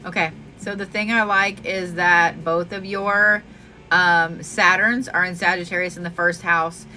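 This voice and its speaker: A woman's voice: lowish voice, steady tone, a little slow, sharp tone, a little hiss or hum, low-quality recording. A woman giving a live astrology reading, chatty, affectionate and freely profane. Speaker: astrology reader. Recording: music playing behind. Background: clear background music.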